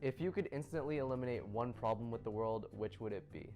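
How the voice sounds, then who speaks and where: A young man hosting a casual interview, chatty and relaxed, laughing easily as he asks quick questions. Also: mid-range voice. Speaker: interviewer and series host. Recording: faint music underneath.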